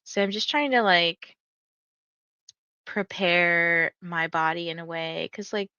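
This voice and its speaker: A woman's voice: on the low side, fairly even intonation, slow, sharp tone, clean tone, dry recording, highs cut off. A woman hosting a reading livestream, chatting casually and rambling with lots of "like", a little tired, and reading viewer comments aloud. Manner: chatty and rambling, heavy use of "like". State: tired and yawning. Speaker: readathon livestream host.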